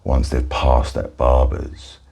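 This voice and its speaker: Soft-spoken Cockney man, gravelly and husky. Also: rumbling low, fairly even intonation, slow. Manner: soft-spoken, chatty, matey. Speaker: barber in ASMR roleplay. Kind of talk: whispered role-play.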